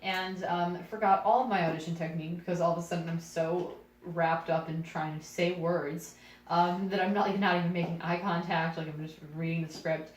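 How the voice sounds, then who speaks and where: A young adult woman, a podcast co-host and actress, telling a casual story in a self-deprecating, animated way and laughing often. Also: fairly low pitch, a little fast. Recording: echoey room, voice far from mic, faint noise.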